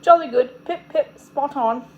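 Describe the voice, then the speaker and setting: Clowning schoolboy, as a woman reader puts him on, silly, higher pitched, sing-song gags. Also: level tone, normal speed, lo-fi sound, natural voice. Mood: mock British. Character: joking boy, goofy pizza-parlor gag, fake British.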